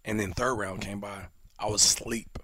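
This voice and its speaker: A man in his thirties with a low, husky voice tells a story on a casual podcast, animated and full of acted-out quotes. The sound is close and dry, with no room around it. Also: normal speed, no room sound. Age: 30s. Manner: animated storyteller who acts out quoted voices, drops to whispers. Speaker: podcast co-host.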